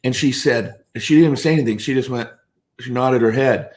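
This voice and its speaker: A man's voice: medium pitch, brisk. A man guest on a talk show, telling stories in conversation and acting out the voices of the people in them. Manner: animated anecdotes with quoted voices. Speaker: guest speaker. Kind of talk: storytelling in conversation.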